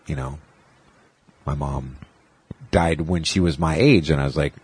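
A man's voice: rumbling low, a little slow, slightly rough, no echo. A man in his forties in casual podcast chat, telling a long personal story and quoting others. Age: 40s. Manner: rambling storytelling, quoting others in raised voices. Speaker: podcast host.

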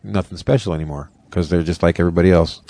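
Low-pitched male co-host, loose rambling chatter, quick to laugh, dry close sound. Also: fairly even intonation, gravelly, dark tone, dry recording. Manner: laughs often, rambling retelling. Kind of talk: casual chat.

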